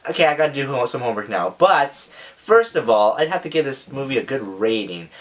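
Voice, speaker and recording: A teenage boy casually reviewing a movie in a vlog, rambling and hedging a lot as he jokes around. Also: brisk. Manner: rambling, jokey, hedging with "kind of" and "I guess"; acts out characters in excited high squeals.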